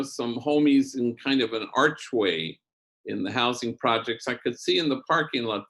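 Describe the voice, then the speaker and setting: A man who is a priest, telling a story in a talk with lively swings in pitch and loudness. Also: gravelly.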